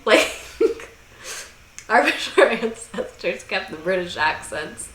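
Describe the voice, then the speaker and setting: Sassy young woman host, crisp bright tone in an echoey room, swears freely and riffs sarcastically. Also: on the high side, sing-song, slow, pauses often. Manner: irreverent, swearing, sarcastic asides; slips into mocking voices. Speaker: video essay host. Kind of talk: comedic history commentary. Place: room under bright lights.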